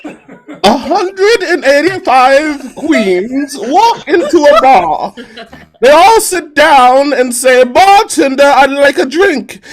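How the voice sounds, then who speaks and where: A woman improv performer telling a joke in a sassy, drawn-out way. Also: sits high, big pitch swings, low-quality recording.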